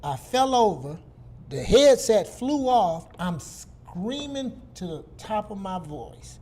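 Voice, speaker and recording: A middle-aged man from Detroit, a guest speaker telling a casual, animated story with plenty of repetition. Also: high voice, slow pace. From Detroit, USA.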